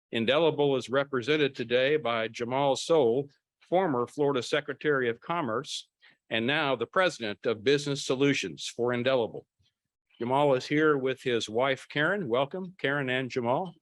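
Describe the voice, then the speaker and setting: A man in the role of club president speaks into a podium microphone, his mid-pitched voice sounding dry and close despite the large room around him. He delivers a formal welcome and announcements in an orderly, genial manner. Now and then he slips in a light, self-deprecating aside. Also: normal speed, fairly bright tone, dry recording. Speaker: club president opening a luncheon meeting. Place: large banquet room with a crowd.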